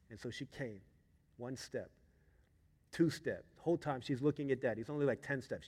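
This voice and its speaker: A male pastor preaching in a long-reverb sanctuary, his mid-pitched voice dropping to near-murmurs and then climbing to emphatic peaks. He tells a story with lively, vivid build-ups. The hall rings out behind each phrase. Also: brisk. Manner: animated storyteller, swings from hushed to loud. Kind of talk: sermon storytelling.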